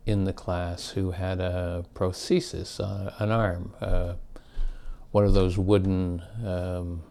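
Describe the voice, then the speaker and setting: Older guy, low gravelly voice, rambly storytelling, keeps fixing his words. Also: darkish tone. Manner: rambling, self-correcting, chuckling. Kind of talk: casual reminiscence.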